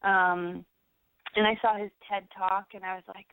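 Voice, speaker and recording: Gravelly woman on a tinny line. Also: mid-range voice, little pitch movement, a little slow, no echo. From United States. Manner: rambling, many fillers and restarts. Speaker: actress, interview guest. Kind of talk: casual interview chat. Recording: dry tinny phone-like sound.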